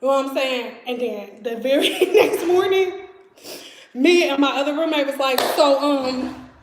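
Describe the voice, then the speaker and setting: Chatty high-voiced woman from Detroit. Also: moderate pace, roomy sound, background noise. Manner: chatty, animated, laughs often, acts out voices. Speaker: vlogger. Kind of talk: casual storytime chat. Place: home kitchen.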